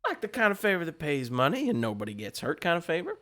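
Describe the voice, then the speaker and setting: A man's voice: fairly high pitch, huge pitch swings, quick pace, a bit bright, voice pushed up. A man playing a chummy portly egg merchant. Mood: schmoozing. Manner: chummy, wheedling salesman talk. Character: portly friendly male egg-seller, smooth schmoozer.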